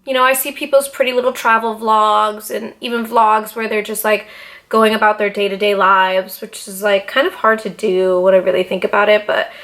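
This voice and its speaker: A young woman talking straight to her camera in a casual sit-down vlog, animated, dramatic and full of swearing. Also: medium pitch, moderate pace. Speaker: YouTuber. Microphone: camera mic, seated in front of camera.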